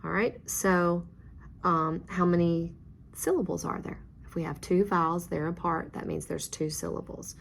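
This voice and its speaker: A woman's voice: on the low side, fairly even intonation, moderate pace, gravelly, a little hiss or hum. A woman teaching a phonics lesson, guiding learners step by step with patient, encouraging praise.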